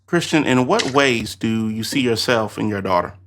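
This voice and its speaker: A man's voice: fairly low pitch, lively intonation, moderate pace, fairly bright tone, a little hiss or hum. A man hosting a podcast, asking short questions and giving brief affirmations. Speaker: podcast host. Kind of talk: interview questions.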